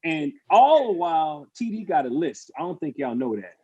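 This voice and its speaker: Man, husky, fairly high pitch, animated, casual storytelling. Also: moderate pace, dull audio. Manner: animated, laughing, acts out the people he quotes. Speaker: former pro football player and show guest. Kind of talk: casual storytelling on a panel show.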